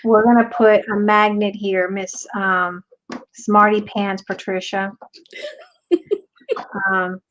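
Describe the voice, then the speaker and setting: A woman's voice: mid-range voice, little pitch movement, slow pace, pauses often, a bit bright, lo-fi sound, a little hiss or hum. A woman hosting a craft tutorial, chatting casually and teasing playfully as she works. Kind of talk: casual demo while crafting.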